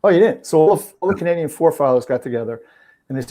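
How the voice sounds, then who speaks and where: A man's voice: on the high side, expressive, rapid-fire, mellow. A middle-aged man with a New Jersey accent, a trainer guest telling easygoing, joking stories in a casual chat.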